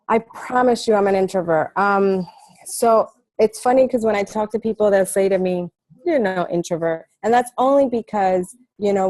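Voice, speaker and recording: Chatty woman with a mellow, dry voice. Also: mid-range voice, no room sound. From New York. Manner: chatty, storytelling, many fillers. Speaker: team coach on a call. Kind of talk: casual team call talk.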